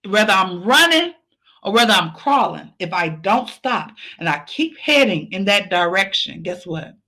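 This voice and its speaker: Woman podcast host, emphatic and repetitive, bright clear tone. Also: mid-range voice, big pitch swings, moderate pace. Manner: encouraging, emphatic, repeats phrases. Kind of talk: motivational pep talk.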